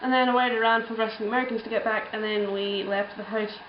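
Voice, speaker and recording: A woman's voice: fairly high pitch, fairly even intonation, fast talker, a little hiss or hum. Young woman rambling about her trip, lots of ums, roomy slightly muffled sound. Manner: rambling, chatty, frequent ums and laughs. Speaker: travel vlogger. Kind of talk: casual travel storytelling.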